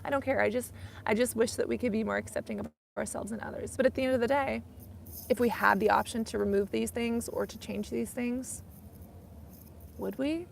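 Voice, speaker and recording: Young female streamer, chatty and rambling, slightly high voice with vocal fry. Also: steady tone, fairly quick, slight background noise. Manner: chatty, rambling, frequent "like" and "you know". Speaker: skincare YouTuber hosting a live stream. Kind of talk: casual live-stream chat.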